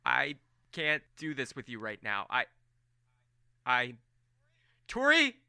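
A man's voice: medium pitch, takes it slowly, gravelly, sharp tone, clear, resonant tone, no room sound, studio quality, full character voice. A man voicing a young noblewoman who speaks in urgent, stammering bursts. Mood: resolute. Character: young noblewoman, earnest and teary.

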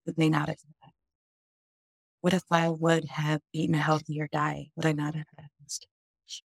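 A woman's voice: low voice, flat delivery, moderate pace, creaky, breathy edge, dry recording, clean studio sound. A woman doctor on a podcast explains grief in a conversational way. She often says "like" and voices people's inner questions.

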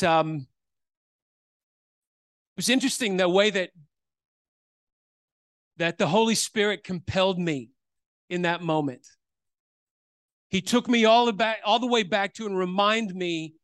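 High-voiced man telling a sermon story. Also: measured pace, pauses often, a bit bright, clear, resonant tone, no echo, studio quality. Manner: storytelling, hesitant with many fillers and restarts. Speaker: preacher. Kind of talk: sermon testimony.

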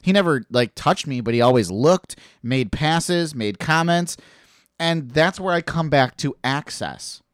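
A man's voice: fairly high pitch, measured pace, clean tone, no echo. A man spins a long personal story in loose, profane podcast talk. He jumps into the voices of the people he quotes. The sound is dry and close, with no room around it. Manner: animated, swearing, acts out quoted voices. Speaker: podcast guest telling a story. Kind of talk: casual storytelling chat.

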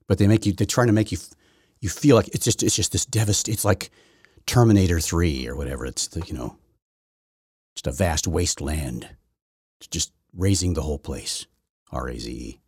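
A man's voice: low-pitched, normal speed, darkish tone, slightly rough, no echo, clean studio sound. A man hosting a solo political commentary podcast, rambling and combative, often correcting himself mid-sentence. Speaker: podcast host.

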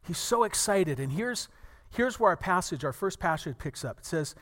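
A man's voice: on the high side, normal speed. Earnest male preacher in a reverberant hall. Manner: earnest, animated storytelling with acted quotes. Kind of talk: sermon.

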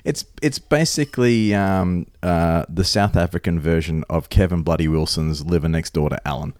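A man's voice: deep voice, normal speed, darkish tone, no echo, studio quality. A man co-hosting a podcast, joking, swearing and laughing as he tells stories in casual banter. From Australia. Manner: swearing, laughing, jokey storyteller. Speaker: podcast co-host.

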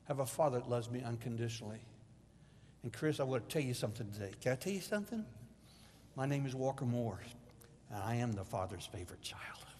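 Male preacher swinging from hushed to loud. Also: mid-range voice, animated, fast talker, a little hiss or hum. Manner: emotional storytelling, swings from hushed to loud exclamations. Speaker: guest preacher. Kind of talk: sermon. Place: church sanctuary. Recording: long hall reverb.

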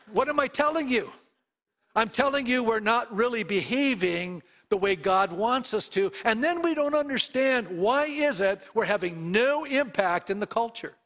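A man's voice: high-pitched, fairly bright tone. A middle-aged male pastor preaching a sermon, reading scripture aloud and putting questions to his congregation. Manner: reads scripture aloud with emphasis.

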